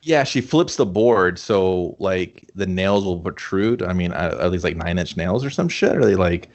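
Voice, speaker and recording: Laid-back, low-voiced movie podcast guy. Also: animated, normal speed, highs cut off. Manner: rambling, laid-back, swears often, says dude a lot. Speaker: podcast co-host. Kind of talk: casual film review chat.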